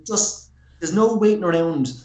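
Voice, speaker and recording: A man's voice: high-pitched, unhurried, warm tone, a little hiss or hum. A man co-hosting a podcast, talking enthusiastically about a film in rambling, filler-heavy chat with casual swearing. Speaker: podcast co-host. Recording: roomy echo.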